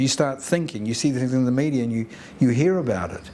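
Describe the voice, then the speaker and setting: A man's voice: medium pitch, lively intonation, brisk, few pauses, mellow, slight background noise. A New Zealand man speaking reflectively on Maori values, who often acts out both sides of a conversation. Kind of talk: reflective talk with acted dialogue.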